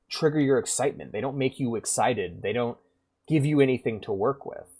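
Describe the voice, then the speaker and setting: Animated, swearing male game streamer. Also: medium pitch. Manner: animated, rambling and profane, acts out game characters. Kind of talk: casual gaming commentary.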